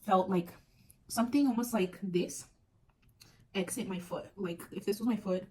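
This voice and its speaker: A woman's voice: medium pitch, normal speed, a little mellow. A young woman casually telling a personal story on her vlog, chatty and full of fillers, acting out moments as she goes. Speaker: vlogger. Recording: distant mic with faint noise.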